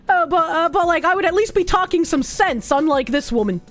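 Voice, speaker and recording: High-voiced Boston woman, crude and sarcastic. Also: lively intonation, a little fast, few pauses. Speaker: streamer. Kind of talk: live reaction commentary.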